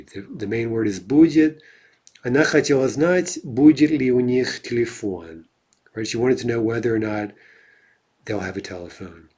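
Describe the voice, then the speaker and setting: Husky-voiced man teaching grammar. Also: mid-range voice, darkish tone. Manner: tags explanations with a questioning "right?". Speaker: language teacher. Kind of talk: explanatory grammar lecture.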